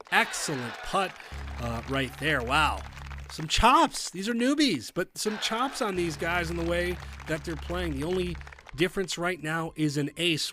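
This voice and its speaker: Excitable male game commentator. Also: a little high, a little hiss or hum. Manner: excitable, breaks into loud outbursts at big shots; chatty, personal asides. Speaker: tournament commentator. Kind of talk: live golf video game commentary.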